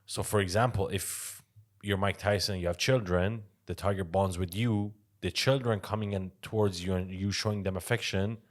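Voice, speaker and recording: A man with a lowish voice talks loosely on a podcast, swearing freely. He works through his points with everyday examples. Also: steady tone, normal speed. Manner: loose, profane, explains with examples. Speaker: podcast co-host. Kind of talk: casual chat.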